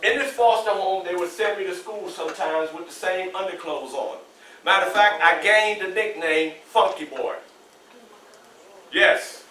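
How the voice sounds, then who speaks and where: A man's voice: sits high, unhurried, sharp tone, slight background noise. A man in his sixties, a guest speaker telling a class a personal story with vivid, repetitive phrasing and questions to the room. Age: 60s. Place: school classroom indoors. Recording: echoey classroom, distant mic.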